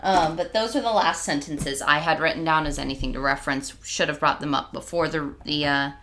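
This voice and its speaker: A woman's voice: low voice, brisk, a bit bright. A woman co-hosting a podcast in casual chat, wry and thoughtful, often trailing off. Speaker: podcast co-host.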